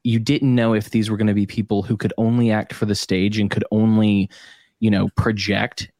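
A man's voice: on the low side, little pitch movement, moderate pace, a little mellow, no room sound, clean studio sound. A man hosting a podcast, chatting casually in a rambling, jokey way and laughing often. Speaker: podcast host.

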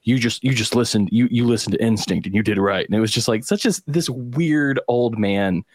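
A man's voice: mid-range voice, a little fast, no echo, studio quality. A man hosting a podcast, telling rambling stories with plenty of swearing in casual chat. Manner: rambling, profane storytelling. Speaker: podcast host.

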